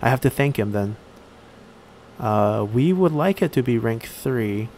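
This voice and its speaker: A man giving casual let's-play commentary while he plays a strategy game, thinking aloud and pausing often on fillers. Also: medium pitch, animated, darkish tone, a little hiss or hum. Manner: thinks aloud, halting with frequent "uh".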